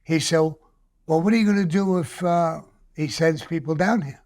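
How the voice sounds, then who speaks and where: An older man tells a story, animated and profane. His voice sits a little high and has a gravelly rasp. He slips into the other people's voices as he quotes them. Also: normal speed. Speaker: guest. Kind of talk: casual storytelling.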